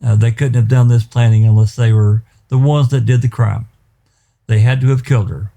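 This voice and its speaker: A male defense attorney answers the prosecution before the judge, pointed and emphatic. His voice is deep and dark, and his speech is peppered with fillers. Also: fairly even intonation, moderate pace, gravelly. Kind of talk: courtroom legal rebuttal. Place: courtroom.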